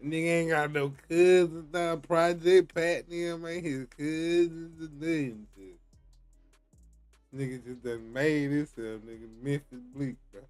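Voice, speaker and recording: Streamer dude laughing and cussing, slow talk, faint music behind. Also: male voice, fairly high pitch, a little mellow. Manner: laughing, loose, profane. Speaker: streamer reacting to a clip. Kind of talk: reaction commentary.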